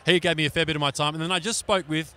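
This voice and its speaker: A man's voice: on the high side, steady tone, racing, sharp tone. A man with an Australian accent telling jokey stories as a visiting radio reporter, in casual on-air banter. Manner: jokey storyteller, Australian slang. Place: busy radio row on a convention floor.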